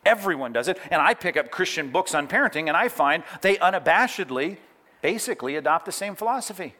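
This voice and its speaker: A middle-aged pastor preaches a sermon with animation, slipping into acted-out quotes and telling listeners to jot down references. His voice runs a little high and a little fast.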